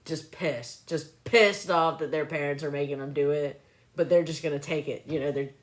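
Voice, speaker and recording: A woman with a low voice tells stories casually into her phone on a live stream. She is chatty and animated, and she keeps breaking into laughter. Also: moderate pace. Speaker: livestreamer recalling clinic work.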